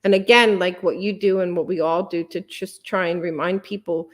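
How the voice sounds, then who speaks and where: A woman's voice: on the low side, fairly even intonation, normal speed. A woman guest on a podcast, speaking earnestly and passionately, with many fillers and restarts. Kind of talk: conversational interview.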